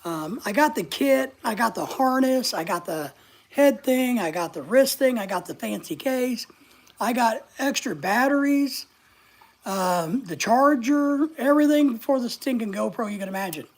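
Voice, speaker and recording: An older woman chats her way through a live stream, rambling from one thought to the next. Her voice is gravelly and a bit husky, with a comfortable, unhurried feel. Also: a little high, animated. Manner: rambling, chatty, reads out viewer comments. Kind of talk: casual live-stream chat.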